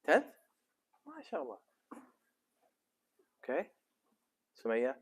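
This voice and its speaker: A man's voice: fairly high pitch, huge pitch swings, slow pace, breathy edge. A middle-aged man, a sheikh, chatting casually and jokingly with teenagers in a mosque youth program. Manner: easygoing and joking. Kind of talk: casual chat with teens.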